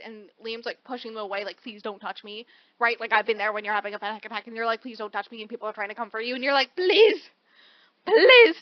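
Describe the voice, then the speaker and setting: On a casual book podcast, a woman with a higher voice lively retells a story, acting out what the characters say. The sound is muffled, with no room sound.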